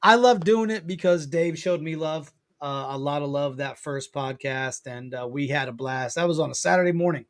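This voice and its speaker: An enthusiastic man chatting as a podcast guest, repeating his points with plenty of feeling. His voice sits a little high for a man. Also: moderate pace, few pauses. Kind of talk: casual podcast chat.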